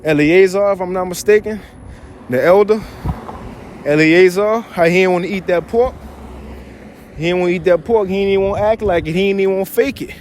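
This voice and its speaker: Man with a high voice, loose slangy Bible teaching over faint music. Animated delivery. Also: brisk, long pauses. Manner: slangy, animated, reads verses then riffs on them. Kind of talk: casual scripture teaching.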